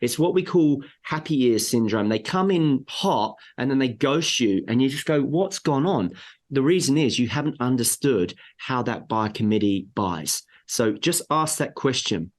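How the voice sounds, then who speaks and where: A man's voice: medium pitch, moderate pace, few pauses. A man, a sales trainer on a podcast, coaching emphatically and acting out buyer lines. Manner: emphatic, animated coaching with acted-out buyer quotes. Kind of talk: podcast interview.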